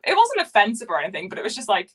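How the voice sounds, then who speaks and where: Dutch-accented woman hosting a casual live stream on her phone, mid-pitched and talkative. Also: slightly rough. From Netherlands. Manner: chatty, laughs often, many fillers. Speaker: LEGO streamer host.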